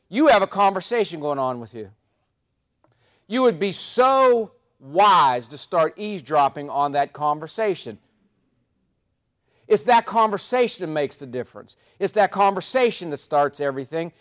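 Guy with a higher voice doing a motivational talk on stage, storytelling, repeats his lines for punch. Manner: animated storytelling with punchy repetition. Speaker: motivational speaker. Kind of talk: live speech to an audience. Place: stage before a live audience.

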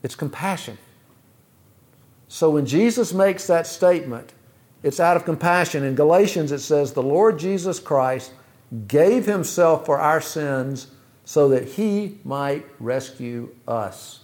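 Preacher, male, fairly high-pitched voice, measured delivery with rhetorical questions. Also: darkish tone. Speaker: pastor. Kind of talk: sermon.

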